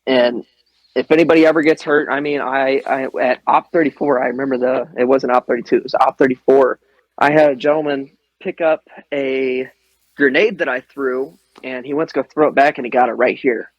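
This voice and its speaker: A man's voice: medium pitch, fairly even intonation, fairly quick, no room sound, highs cut off. A young man hosting a podcast, talking in an earnest, profane and digressive way. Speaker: podcast host. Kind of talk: casual chat.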